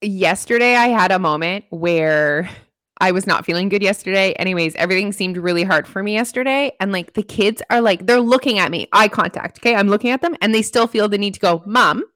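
A woman in her thirties talking casually as a podcast co-host, telling animated stories with lots of fillers. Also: mid-range voice, fairly quick, no room sound, studio quality. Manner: animated storyteller, filler-heavy. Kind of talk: casual chat.

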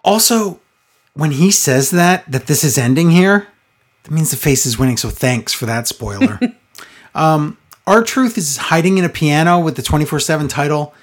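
A podcast co-host recapping a show in casual chat, sarcastic and exasperated, often slowing down to mock what was said. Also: medium pitch, expressive. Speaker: podcast co-host reviewing wrestling.

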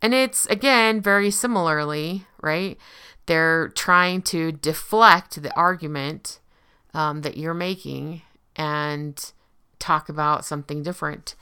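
A woman's voice: sits low, takes it slowly, bright, forceful tone, clean tone. A woman giving a casual explanatory talk, conversational and often checking in with the listener. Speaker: speaker on relationship abuse.

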